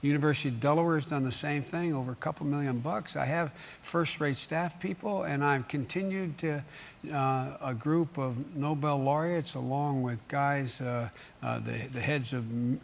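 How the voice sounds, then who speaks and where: An older man as a talk show guest, speaking haltingly with many fillers and restarts. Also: medium pitch, creaky, slight background noise.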